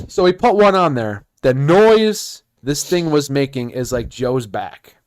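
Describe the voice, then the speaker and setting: A man's voice: a little high, unhurried, few pauses. A man on a casual podcast, telling a work story with lots of laughter and swearing. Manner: animated, laughs often, profane. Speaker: podcast host.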